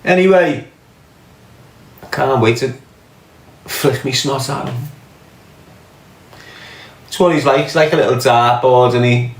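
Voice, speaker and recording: A man's voice: medium pitch, a little slow, pauses often. Scouse man ranting in a roomy space. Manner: profane, mocking, scornful. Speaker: podcast host. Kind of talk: casual ranting commentary.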